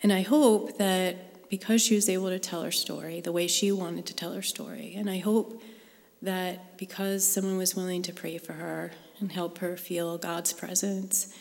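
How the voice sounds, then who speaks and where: A woman's voice: fairly low pitch, steady tone, moderate pace, vocal fry, a little mellow. Earnest woman telling her story in a hall. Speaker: speaker sharing a personal faith story. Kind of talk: personal testimony to a live group. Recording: long hall reverb.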